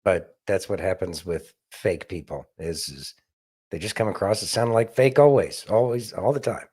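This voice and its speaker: A man's voice: low-pitched, normal speed, a little mellow, husky. Man giving rambling political opinions. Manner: rambling, opinionated, sarcastic asides. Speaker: podcast host. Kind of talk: casual political commentary.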